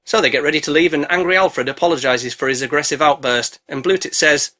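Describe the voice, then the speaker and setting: A man's voice: on the high side, fast talker, few pauses, pushed and bright. A man narrating a comedic movie recap, sarcastic and mocking, swearing freely.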